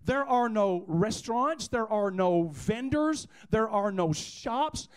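High-voiced preaching man. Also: slow, few pauses, clean tone, poor audio. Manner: animated preaching, acts out voices, calls on the congregation. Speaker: pastor. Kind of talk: sermon.

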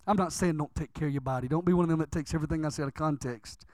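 A man's voice: a little high, very fast, hardly any pauses, darkish tone, no room sound. A man preaching a sermon, fervent and emphatic, leaning hard on stressed words.

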